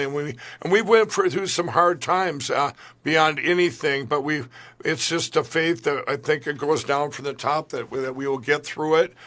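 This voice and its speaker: A man's voice: on the high side, a bit bright. A man being interviewed, telling a long personal story in a rambling way, full of restarts. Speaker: guest. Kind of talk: conversational interview.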